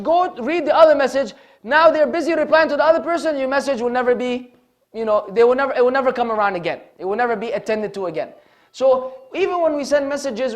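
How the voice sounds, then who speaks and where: Man preacher, high-pitched, animated conversational lecture style, rhetorical. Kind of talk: Islamic lecture to a live audience.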